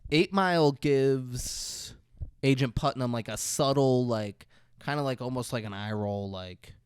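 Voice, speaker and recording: A man co-hosting a podcast speaks in a smooth, mid-range, unhurried voice with no room sound. In a casual movie review chat, he retells the film's scenes profanely and acts out the characters' lines.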